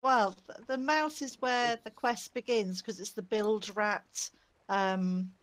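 A woman teammate calmly explaining the game quest, giggling now and then. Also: medium pitch, slow pace. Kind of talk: casual gaming chat. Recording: noisy game chat audio.

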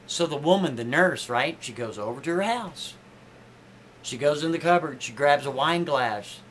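A man with a fairly high voice spins a loose, conversational story. He talks casually and jumps up in pitch to stress his points. A faint hiss runs under the recording. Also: animated, normal speed, a bit bright. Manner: chatty, conversational, swings his pitch up for emphasis.

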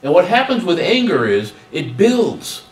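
A man's voice: high-pitched, unhurried. A man giving a humorous workshop talk on student service, acting out little dialogues as he goes. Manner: animated, acts out dialogues with humor. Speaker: guest speaker on student service. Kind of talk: workshop presentation. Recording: roomy hall, distant mic.

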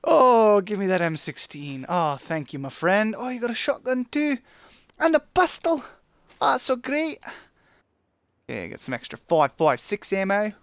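A man's voice: high-pitched, normal speed, dry recording. A young man streaming a shooter game, commenting casually to himself and taunting the players he beats. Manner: excitable, talks to himself and to enemies. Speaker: gaming streamer.

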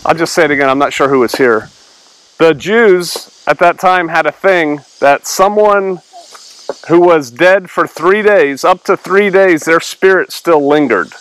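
Male pastor, slightly high voice, chatty verse-by-verse Bible teaching. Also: unhurried, fairly bright tone, rough recording. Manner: conversational, reads verses aloud then explains them.

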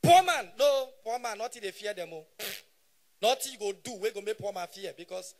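A man in his thirties with a Nigerian Pidgin English accent, doing live stand-up comedy on stage and shouting punchlines in bursts. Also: sits high, animated, a little fast. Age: 30s.

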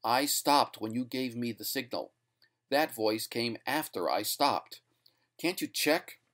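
A man's voice: medium pitch, very animated, normal speed, lightly acted. A man voicing a frightened male ventriloquist who pleads in a strained voice that climbs toward screams. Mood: tense.

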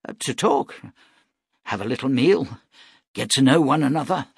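A man's voice: medium pitch, expressive, normal speed, vocal fry, husky, no room sound, studio quality, pitched above the performer's own voice. A man reading aloud plays a fussy, stammering innkeeper who pushes his point. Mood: eager. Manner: flustered, stammering, pushy. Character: excitable, fussy male innkeeper.

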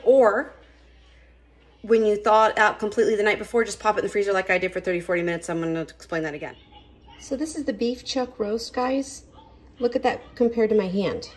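A middle-aged woman, chatting casually to viewers while demonstrating a home recipe in her kitchen. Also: medium pitch. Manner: chatty, folksy, talks straight to viewers. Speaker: home cooking vlogger.

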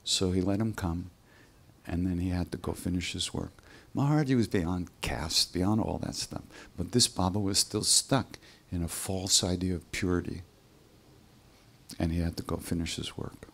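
A man telling a spiritual story at a live workshop in a relaxed, conversational way, acting out the voices of the people in it. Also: sits low, moderate pace, vocal fry.

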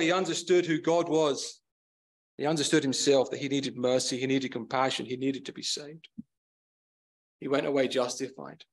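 A man preaching a sermon in an earnest, emphatic way, often repeating and building up his phrases. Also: on the high side.

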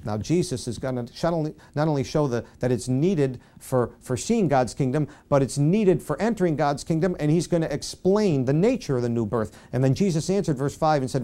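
A man preaching a Bible-study sermon as pastor, conversational and self-deprecating, softly acting out quoted speech. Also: a little high, lively intonation, a little fast, hardly any pauses.

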